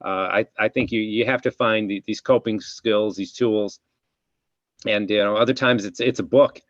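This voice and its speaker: A man's voice: on the low side, steady tone, moderate pace, dry recording. A man hosting a casual interview chat, talking in a rambling, reflective way. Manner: rambling, reflective, many restarts. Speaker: podcast host, chiropractor. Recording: dull, dry lo-fi sound.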